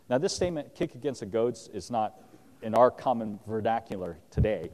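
A man teaching a Bible passage, reading verses aloud and explaining them in a relaxed, conversational way with frequent fillers. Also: fairly low pitch, brisk. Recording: long hall reverb.

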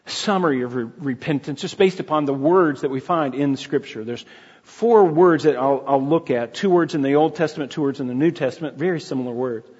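Halting, earnest male preacher, a bit husky and higher-pitched, heard in a hall. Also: darkish tone. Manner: earnest, halting, with many restarts. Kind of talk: sermon. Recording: dull lo-fi sound in a reverberant hall.

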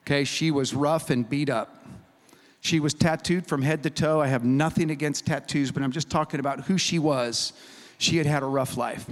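A man preaching a sermon as a humorous, animated storyteller who acts out the people in his story. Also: a little high, normal speed. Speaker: pastor. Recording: reverberant hall recording.

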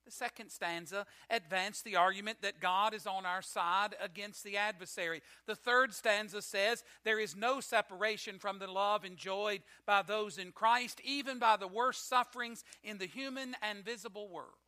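Bright, high-voiced male preacher. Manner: measured, declamatory reading with rising emphasis. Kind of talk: sermon with scripture reading and illustration.

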